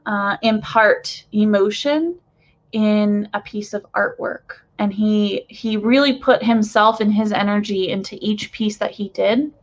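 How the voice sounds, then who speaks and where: A spiritual channeler, a woman with a medium-pitched voice, gushes excitedly to her viewers from her bedroom. The audio is dull, and her casual talk is full of fillers.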